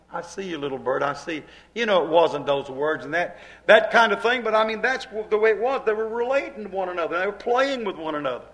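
Male preacher with a high voice, dramatic delivery that rises and drops in loudness, built on repeated questions. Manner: dramatic preaching, swinging from hushed to loud, repeated rhetorical questions. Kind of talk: sermon.

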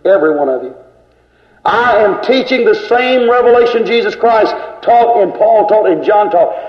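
A man's voice: high-pitched, lively intonation, moderate pace. An older man preaching an emphatic, scolding sermon in a church. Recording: echoey lo-fi church tape.

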